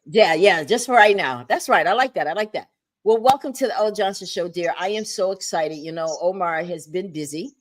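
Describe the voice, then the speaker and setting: A woman hosting a livestreamed talk show from a home setup, animated and chatty with playful asides. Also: on the low side, a little fast.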